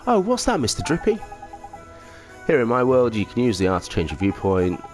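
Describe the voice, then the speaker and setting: A man's voice: mid-range voice, huge pitch swings, a little fast, a little mellow, voice pushed up. A man reading aloud the lines of a chatty male fairy sidekick, half-heartedly and without an accent. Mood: cheeky. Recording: game music underneath.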